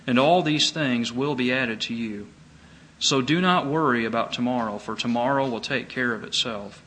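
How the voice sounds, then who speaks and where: A middle-aged man preaching a sermon, earnest and emphatic, pitching up on his key points. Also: bright, forceful tone, a little hiss or hum, rough recording.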